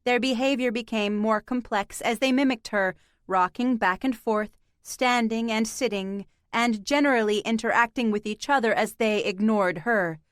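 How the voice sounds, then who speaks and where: A woman narrating an audiobook in a measured, deliberate scripted delivery. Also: fairly high pitch, dry recording, studio quality.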